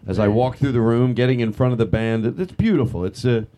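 A man's voice: mid-range voice, quick pace, mellow. A man hosting a comedy show, rambling loosely through half-remembered bits with a self-mocking manner. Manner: rambling, self-mocking, lounge-singer crooning. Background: band music.

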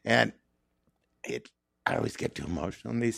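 A stand-up comedian being interviewed, talking in an earnest, reflective, rambling way. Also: male voice, lowish voice, expressive, fairly quick, creaky, fairly bright tone, no room sound. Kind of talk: candid interview conversation.

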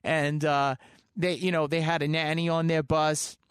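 A man in his thirties, a guest musician telling stories in a casual interview, animated, laughing often and trailing off with fillers. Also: fairly high pitch, normal speed, clean tone, dry recording, studio quality. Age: 30s.

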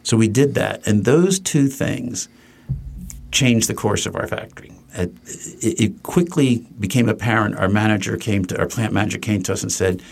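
A man's voice: fairly low pitch, brisk, gravelly, husky. An older man from New Jersey, a furniture company co-founder, telling anecdotes in a casual interview and acting out the people he quotes. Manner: anecdotal, acts out quoted voices, frequent restarts.

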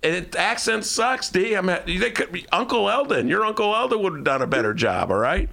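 Animated, rambling talk radio host. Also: male voice, sits high, brisk, gravelly. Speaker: radio show host and columnist. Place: radio studio.

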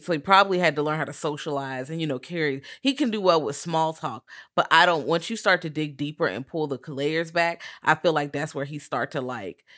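Animated, cussing woman on a podcast. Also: deep voice. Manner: animated, profane storytelling with lots of fillers. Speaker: podcast co-host. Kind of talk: casual chat.

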